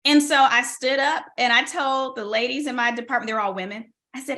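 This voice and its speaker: A woman guest on a podcast interview telling a personal story with lively, animated delivery and acted-out dialogue. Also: high voice, brisk. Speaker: guest, tech strategist and keynote speaker.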